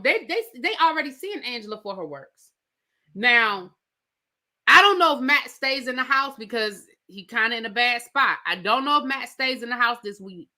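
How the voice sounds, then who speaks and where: Animated female reviewer with a sharp, higher voice, sassy and emphatic, talking straight to her viewers. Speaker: TV show reviewer. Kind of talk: casual recap commentary.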